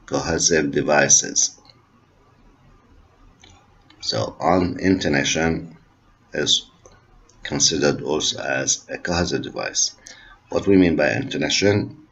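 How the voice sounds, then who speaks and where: On a lo-fi, dull recording, a linguistics lecturer whose first language is Arabic explains things slowly, going over every point more than once and mixing English with Arabic. He has a very deep, somewhat husky voice with a fairly bright quality.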